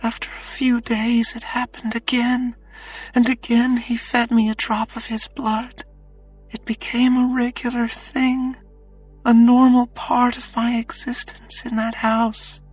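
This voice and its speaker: A woman voicing a weary young captive woman, speaking in a quiet, halting confession for an audiobook, over faint music. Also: a little high, level tone. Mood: haunted. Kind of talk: audiobook character voice. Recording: distant tinny phone-like sound, faint music.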